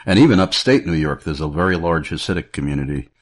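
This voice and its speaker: A man's voice: rumbling low, animated, fast. A man hosting an interview, asking questions in a casual, inquisitive way. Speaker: interview host. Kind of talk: conversational interview.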